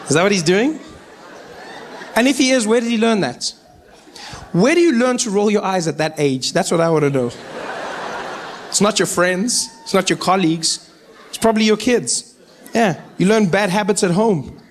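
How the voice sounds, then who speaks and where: High-voiced South African comedian on stage. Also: male voice, a little fast, slight background noise. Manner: animated, incredulous storytelling. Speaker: stand-up comedian. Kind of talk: stand-up comedy.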